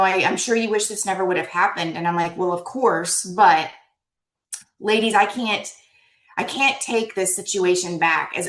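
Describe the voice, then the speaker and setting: A woman's voice: medium pitch, fairly bright tone, roomy sound, low-quality recording. A woman giving an emotional, earnest keynote talk over a video call, often repeating words. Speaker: keynote speaker.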